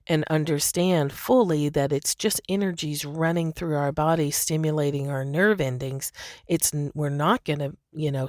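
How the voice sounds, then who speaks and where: A woman's voice: sits low, dry recording, clean studio sound. A woman hosting a podcast, talking in a casual, chatty monologue. She laughs often and fills her talk with "you know" and "like". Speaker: podcast host.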